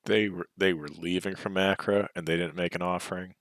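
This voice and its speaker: A man's voice: deep voice, fairly even intonation, a little fast, a bit bright, no echo, studio quality. A man playing a tabletop game, chatting casually and making wry, joking asides. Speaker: player.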